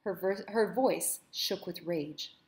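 A woman teacher reading a novel aloud with commentary, measured and expressive. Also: fairly low pitch.

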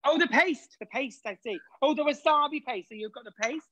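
A woman's voice: high voice, a little fast, a bit bright, no echo, dull audio. A woman co-hosting a live cooking show over a video call, chatty and playfully teasing her partner. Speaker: co-host.

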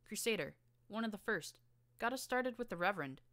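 A woman voicing a bouncy, cheerful little pink filly who talks high and excited. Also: a little fast, dry recording. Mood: gleeful.

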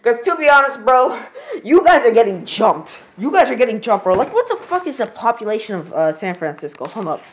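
Animated young guy ranting over football. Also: extremely high pitch, a little fast. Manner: profane, exasperated, says "bro" constantly. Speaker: channel host reacting to a football game. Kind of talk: live sports reaction commentary.

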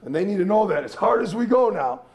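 A man's voice: sits high, lively intonation, quick pace, creaky, darkish tone. A man, a strength coach, giving a clinic presentation in an earnest, emphatic, repetitive way.

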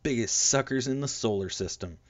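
A man's voice: mid-range voice, a little fast, dry recording, dull audio, pitched above the performer's own voice, natural voice. A man voicing a cruel older brother, a boy who menaces and mocks his siblings, in an audiobook reading. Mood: taunting. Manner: taunting, mocking.

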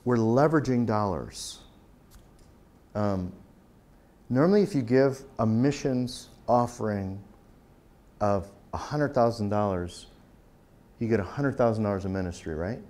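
Lower-voiced pastor telling stories. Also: male voice, a little slow, long pauses, a little mellow. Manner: storytelling, acts out quoted exchanges, conversational. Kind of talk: conference talk.

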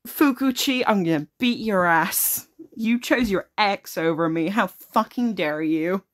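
A woman's voice: medium pitch, unhurried, natural voice. A woman voicing a spiteful taunting male contestant. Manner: taunting, profane.

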